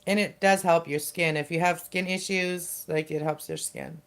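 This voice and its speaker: A middle-aged woman hosting a casual livestream, talking in a rambling, halting way with lots of fillers and restarts. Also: lowish voice, fairly even intonation, smooth. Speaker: livestream host.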